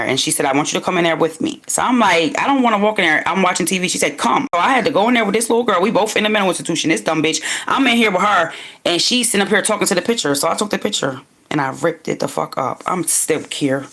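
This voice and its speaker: A woman from Wilmington, Delaware, ranting in an unscripted livestream monologue, profane and talking straight at her viewers. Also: fairly low pitch. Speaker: livestream host.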